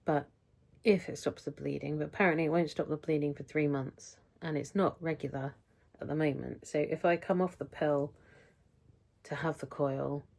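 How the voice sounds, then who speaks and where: A woman's voice: low-pitched, steady tone, moderate pace, vocal fry, a little mellow. A middle-aged British woman talking through a casual weekly health update vlog, rambling and chatty, often interrupting herself. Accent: British English. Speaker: vlogger.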